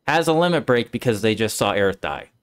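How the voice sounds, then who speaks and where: A man hosting a casual game discussion, explaining the story in an animated way and acting out the characters. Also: fairly low pitch, fast talker. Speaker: streamer and host.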